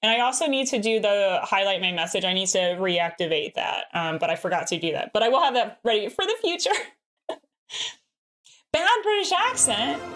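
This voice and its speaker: A woman's voice: mid-range voice, sing-song, normal speed, fairly bright tone, faint music behind. A young American woman streaming a game and chatting casually with her viewers, giggling often and filling her talk with "like.". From United States. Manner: giggly, bubbly, peppers speech with "like".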